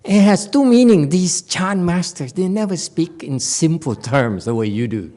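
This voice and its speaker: A man's voice: on the high side, animated, normal speed, dark tone. A man with a Korean accent giving a dharma talk as a Zen master, playful, telling stories and laughing often.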